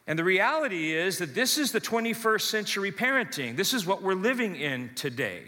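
Lively male pastor, bright forceful voice, long church reverb. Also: sits high, brisk. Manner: animated storytelling, acts out voices. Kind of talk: sermon.

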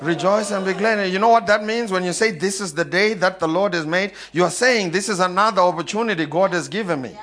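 A man's voice: sits high, brisk, hardly any pauses, fairly bright tone. A man preaching a sermon, calling out questions for the congregation to answer and laughing often. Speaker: pastor.

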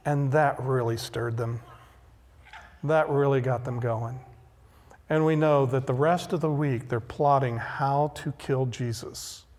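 A male pastor preaching a sermon, emphatic and deliberate, repeating key phrases. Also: mid-range voice, fairly even intonation, darkish tone. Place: church sanctuary. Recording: long hall reverb.

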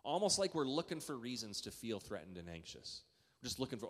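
A man from Canada preaching a sermon as pastor, telling stories with animated rises in pitch and loudness. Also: a little fast. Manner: storytelling, animated, rising loud in stories. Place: church sanctuary. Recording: long hall reverb.

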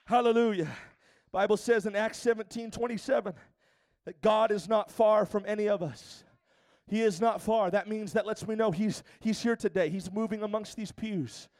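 A male pastor preaching a sermon, rising from quieter asides to shouted exhortations. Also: sits high, steady tone, normal speed.

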